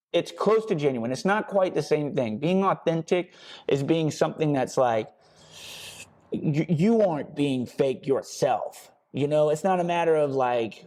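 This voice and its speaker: A man in his thirties talks through a fitness podcast in a blunt, fired-up way, swearing often and hammering points by repetition. His voice sits a little high yet sounds mellow and relaxed. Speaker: podcast host and personal trainer. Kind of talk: casual motivational podcast talk.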